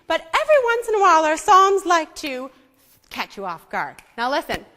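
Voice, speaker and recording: High-voiced woman leading a singing lesson. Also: normal speed. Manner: lively, coaxing, demonstrative. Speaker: church music leader. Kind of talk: teaching a group to sing psalms. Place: church hall. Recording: echoey hall with faint singing behind.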